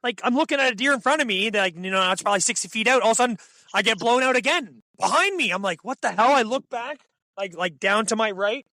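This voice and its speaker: A young man telling hunting stories as a podcast guest, in an excitable, animated way full of fillers. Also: high-pitched, fast, no echo. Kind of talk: casual storytelling.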